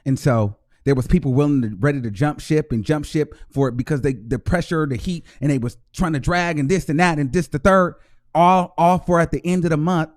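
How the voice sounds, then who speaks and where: A man hosting his own channel, giving heartfelt shout-outs in slangy casual talk and repeating himself for emphasis. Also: on the high side, fairly quick. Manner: heartfelt, emotional. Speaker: YouTube show host. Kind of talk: casual vlog shout-out to viewers.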